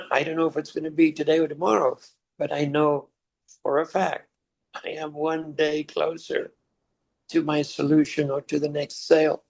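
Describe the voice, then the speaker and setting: An older man recounts a hard stretch of family life to his son, his voice slightly high and gravelly. He speaks reflectively and chokes up now and then, laughing through the emotion. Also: flat delivery, moderate pace, a little mellow. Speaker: father sharing life lessons.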